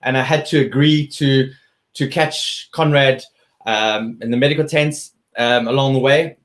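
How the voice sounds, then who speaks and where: A man's voice: mid-range voice, a little slow. Man, interview guest, earnest storytelling, restarts sentences. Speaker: guest, athlete and speaker.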